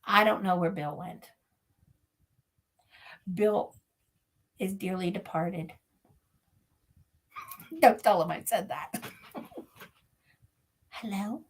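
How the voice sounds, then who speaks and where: Woman guest, paranormal investigator, casual and talkative, quick to laugh, middle pitch. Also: breathy edge. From Pennsylvania. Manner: chatty storyteller who laughs often. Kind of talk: casual interview chat.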